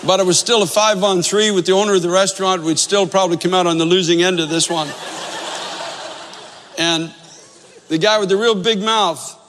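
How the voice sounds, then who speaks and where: A man's voice: high-pitched, steady tone, normal speed, long pauses, a bit bright, long reverb tail, a little hiss or hum. A man preaching a sermon, telling a story with earnest emphasis and repeating phrases to drive points home. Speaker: pastor.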